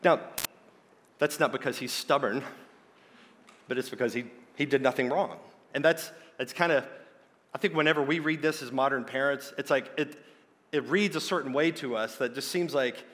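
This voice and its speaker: A man preaching a sermon, earnest and emphatic, slowing down to stress key points. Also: mid-range voice, a bit bright. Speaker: pastor. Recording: long hall reverb.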